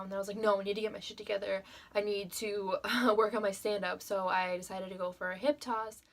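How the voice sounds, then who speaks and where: A woman's voice: mid-range voice, a bit bright. A young woman telling a personal story to the camera in a casual vlog, emotional and full of fillers, with frequent swearing. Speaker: vlogger.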